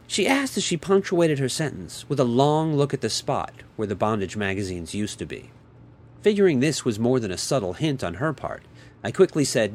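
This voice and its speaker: A man reading a first-person story aloud in a steady, expressive way. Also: mid-range voice, normal speed. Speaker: narrator.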